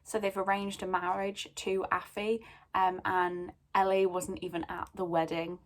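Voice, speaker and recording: A woman's voice: fairly low pitch, little pitch movement, unhurried. A young woman vlogging casually about her reading, rambling with lots of ums and a bit sneezy. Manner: chatty, rambling with many ums. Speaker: book vlogger. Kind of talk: casual chat.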